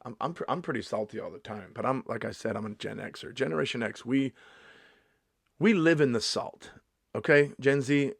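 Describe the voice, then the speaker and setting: A man's voice: mid-range voice, moderate pace, gravelly, husky, no room sound, studio quality. A man in his fifties doing a sarcastic, mock-indignant comedy vlog monologue, swearing freely as he rants. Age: 50s.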